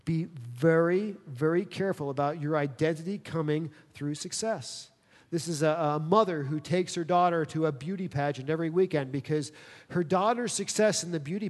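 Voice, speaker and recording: A middle-aged man preaching a sermon, animated and full of rhetorical questions, often mimicking other people's voices. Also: on the high side. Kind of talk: sermon on parenting. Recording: long hall reverb.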